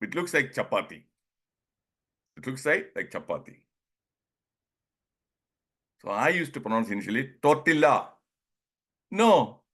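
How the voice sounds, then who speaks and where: Speaking in a somewhat high, slightly bright voice, a man from India presents an informal online session on pronunciation in Indian English. He drawls words slowly, chuckles frequently and acts out short dialogues for the group.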